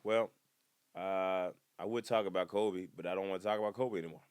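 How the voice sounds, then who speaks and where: A man hosting a comedy podcast, rambling casually from one topic to the next with joking asides and sudden loud excited outbursts. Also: sits low, brisk, clean tone, no echo.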